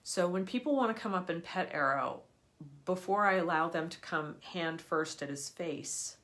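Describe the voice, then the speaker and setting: A woman with a voice a little lower than most gives a live teaching talk as an energy healer. She explains her points earnestly and stresses key words with emphasis. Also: moderate pace, fairly bright tone. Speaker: energy healer for people and animals.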